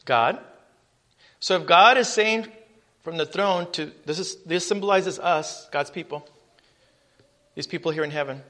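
A high-pitched man delivers a sermon with emphatic force. He reads scripture loudly and then drops low to put questions to the congregation. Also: unhurried, long pauses. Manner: emphatic preaching, rising loud on scripture, dropping low on asides. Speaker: preacher.

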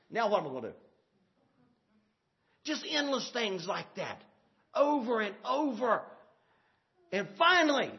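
A man preaching a sermon, swinging from loud shouted points to low murmurs, with laughing asides. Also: lo-fi sound.

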